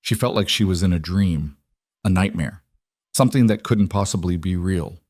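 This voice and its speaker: Low-voiced male story narrator. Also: moderate pace, a little mellow, no echo, studio quality.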